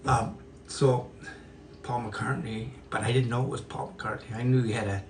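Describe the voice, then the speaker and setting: Telling a meandering story to the camera, this flute player and actor keeps restarting and filling pauses with fillers. He speaks at normal speed in a steady, medium-pitched voice, picked up by a far-off mic amid noisy ambience.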